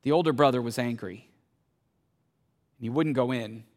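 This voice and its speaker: A man preaching a sermon in a conversational way, asking the audience questions and swinging between loud bursts and hushed tones. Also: medium pitch, normal speed, in a large hall. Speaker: pastor.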